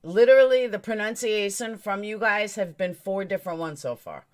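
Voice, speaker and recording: A woman streamer gives blunt, emphatic commentary and answers her chat directly. Her pitch sits in the middle for a woman. She is opinionated and firm in every line. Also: normal speed. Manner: talks straight to her chat. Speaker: true crime streamer.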